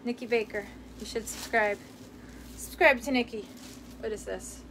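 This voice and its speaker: High-voiced chatty young woman, giggly. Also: normal speed, fairly bright tone, a little hiss or hum. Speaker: vlogger. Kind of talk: casual chat reading live comments. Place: room in her parents' house.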